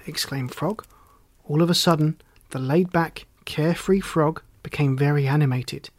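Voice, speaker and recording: An adult reading a children's storybook aloud with gently humorous narration. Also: mid-range voice, measured pace, no room sound.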